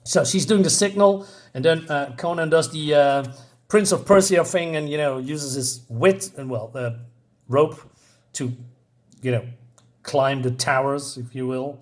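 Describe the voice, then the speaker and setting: A man's voice: fairly high pitch, measured pace. A man reviewing a comic book in a casual, rambling way, chuckling often and stopping for fillers.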